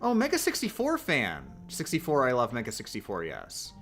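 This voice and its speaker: A man's voice: mid-range voice, wildly swooping pitch, moderate pace, fairly bright tone, faint music behind. A man chatting casually on a live stream, rambling and self-mocking with lots of restarts.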